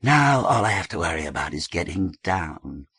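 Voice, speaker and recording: A man voicing a gentle, easygoing young woman in an audiobook, speaking softly. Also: low voice, big pitch swings, moderate pace, husky, dry recording, studio quality, full character voice. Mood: easy.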